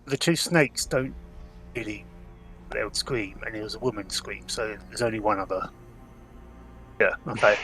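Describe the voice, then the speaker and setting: A man's voice: lowish voice, moderate pace, long pauses, bright, forceful tone, soft background music. Questioning man playing a tabletop game. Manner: asks careful questions about the scene. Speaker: player. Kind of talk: casual tabletop game chat.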